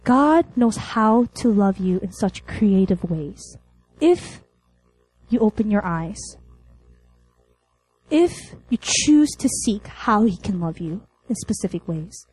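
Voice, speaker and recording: A woman's voice: medium pitch, animated, slow, a little mellow, poor audio. A young adult woman preaching a sermon to college students, telling a story with laughs and acted-out lines.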